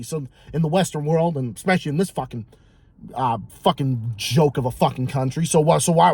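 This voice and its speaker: A man's voice: a little high, a little mellow, slightly rough, no room sound. A man vlogging a heated monologue, ranting profanely and repeating himself for emphasis.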